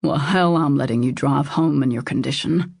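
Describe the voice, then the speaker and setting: A woman reading the lines of a stern, protective man who barks sharp commands. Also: rumbling low, normal speed, vocal fry, dry recording, studio quality, exaggerated voice. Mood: commanding.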